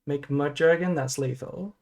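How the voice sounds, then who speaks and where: A woman's voice: sits low, normal speed, a little mellow. A woman streamer casually thinking aloud through a card game, swearing and groaning melodramatically at her bad luck.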